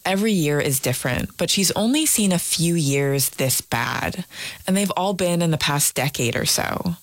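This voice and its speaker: A woman reporter narrating a scripted radio feature in a lively, storytelling way. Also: lowish voice, moderate pace, no echo.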